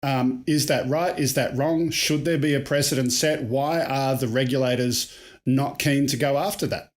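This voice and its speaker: A man's voice: mid-range voice, steady tone, normal speed. A man co-hosting a live stream, asking the guest questions and joking casually. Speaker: co-host.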